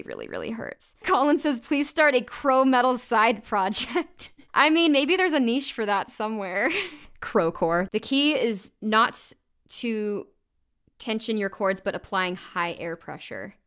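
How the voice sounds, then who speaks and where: A woman's voice: on the high side, big pitch swings, a bit bright, clear, resonant tone. A woman singer chatting casually on a livestream while recording vocals, laughing often and saying "like" a lot. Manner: chatty, quick laughs, frequent "like".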